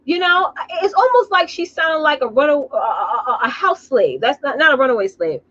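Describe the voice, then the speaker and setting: A woman business coach talking casually on a live stream, telling animated stories and calling her viewers y'all. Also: sits high, fairly quick, muffled recording.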